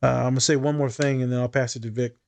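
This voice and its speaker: A man's voice: medium pitch, fairly even intonation, very fast, gravelly. A man co-hosting a casual discussion, speaking bluntly and candidly, swearing freely and thinking aloud with fillers and restarts. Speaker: podcast co-host.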